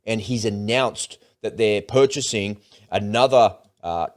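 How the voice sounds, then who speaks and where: A man hosts a casual talk show about world news. His voice sits a little low, and he talks in a loose, rambling way, often restarting his sentences. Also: unhurried. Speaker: host. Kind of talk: casual political commentary.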